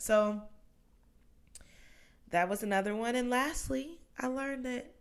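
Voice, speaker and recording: Woman in her twenties, lower voice, hosting a podcast alone, loose and chatty with tangents. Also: creaky. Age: 20s. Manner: chatty, rambling, goes off on tangents. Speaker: podcast host. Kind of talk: casual solo podcast monologue.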